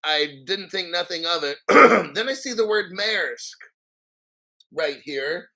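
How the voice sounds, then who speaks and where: Bright-voiced profane crypto host. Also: male voice, high voice, expressive, slow pace, low-quality recording. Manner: profane, rambling, frequent throat-clearing; sarcastic asides and jokes. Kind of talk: profane ranting commentary while reading an article.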